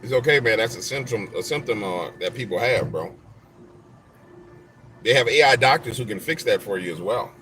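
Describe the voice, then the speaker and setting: Man, casual streamer chat, slangy, trash-talking, storytelling, mid pitch, faint hum behind. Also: expressive, normal speed, bright, forceful tone.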